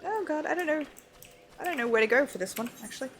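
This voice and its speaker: A woman's voice: high voice, animated, quick pace, a bit bright. A woman streaming a game, chatting casually and rambling with frequent laughs, over faint background music. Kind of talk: casual chat while gaming.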